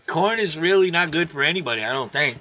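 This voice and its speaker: A man with a gravelly voice hosting a casual live stream, loose and excitable, reading viewer comments aloud. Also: fairly high pitch, fast, crowd noise. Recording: dull lo-fi stream audio.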